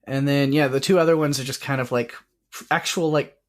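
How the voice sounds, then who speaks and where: A man in a casual podcast chat about a film, rambling along with plenty of "like"s and laughing now and then. His pitch sits mid-range for a man, and he speaks into a podcast mic. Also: steady tone. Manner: rambling, many "like"s, quick laughs. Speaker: podcast co-host. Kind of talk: casual movie review chat.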